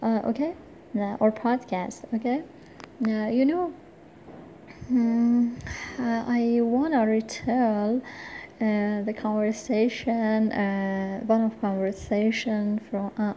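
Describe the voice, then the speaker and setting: A woman's voice: fairly high pitch, fairly even intonation, slow, dark tone, muffled recording, a little hiss or hum. A woman speaking English as a second language, giving a hesitant, unscripted talk full of filler sounds and restarts. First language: not English. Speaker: forum member presenting a talk. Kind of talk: slow unscripted monologue.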